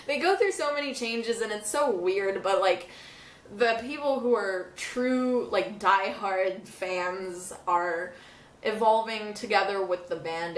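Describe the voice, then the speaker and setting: A woman's voice: mid-range voice, slight background noise. A young woman vlogging casually, rambling and laughing through tears. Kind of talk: casual talk to camera. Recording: echoey room from a distance.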